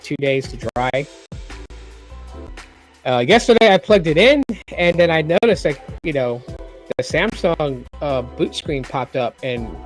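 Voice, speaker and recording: Casting: middle-aged male streamer, slightly higher voice, loose rambling chatter, faint music behind. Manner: rambling, repeats phrases, lively storytelling. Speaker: tech livestream host. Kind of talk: casual livestream chat.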